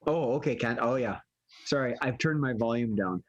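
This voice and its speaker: A man's voice: medium pitch, moderate pace, muffled recording. A man hosting an improv game over a video call, giggling and reading prompts from a hat. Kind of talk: hosting online improv show.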